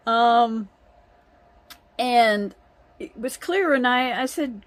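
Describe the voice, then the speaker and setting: A woman's voice: fairly high pitch, takes it slowly, long pauses, dry recording. A woman telling a family story in a chatty way, often breaking into laughter. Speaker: vlogger. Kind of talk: casual storytelling.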